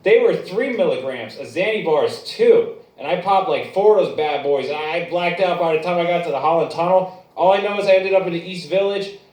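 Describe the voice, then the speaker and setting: A man's voice: fairly high pitch, animated, a little fast, hardly any pauses, a little mellow. Crude rambling stand-up comic man. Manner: crude rambling storytelling with restarts. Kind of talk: open mic stand-up. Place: bar stage, echoey room. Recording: echoey bar room, distant mic.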